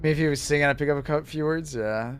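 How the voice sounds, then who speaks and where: A young man live-streaming and chatting casually with viewers, rambling with lots of fillers and quick laughs. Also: on the high side, a little hiss or hum.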